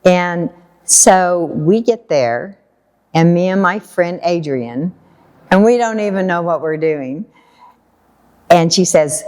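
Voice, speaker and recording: American woman telling a story, kinda low voice, laughs a lot, acts out the quotes. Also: takes it slowly, pauses often, a little mellow. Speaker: guest storyteller. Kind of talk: casual anecdotal storytelling.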